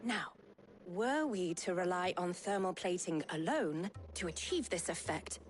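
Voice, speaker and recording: A woman's voice: fairly low pitch, close to an everyday voice. A woman voicing an earnest female engineer in a video game, explaining a reactor in long technical detail.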